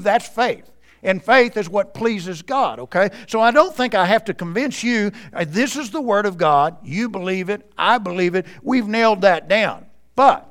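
High-voiced male pastor preaching. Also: a bit bright. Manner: earnest, addresses the congregation directly. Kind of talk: sermon. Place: church service.

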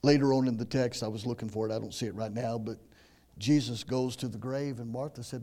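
A middle-aged man from the United States, preaching a sermon that swings from loud emphasis to hushed, almost whispered lines. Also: mid-range voice, fairly even intonation, fairly quick. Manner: dramatic swings from loud to hushed, repeats words. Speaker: pastor.

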